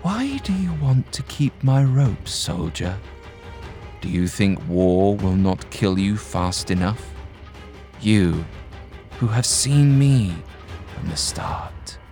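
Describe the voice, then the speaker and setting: A cold, mocking ghost woman in red, as a male narrator puts her on, taunting and hissing with faint music beneath. Her storybook voice sits a touch higher than the narrator's own low tone and often sounds pulled back from the mic. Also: sing-song, slow pace, mellow. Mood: menacing.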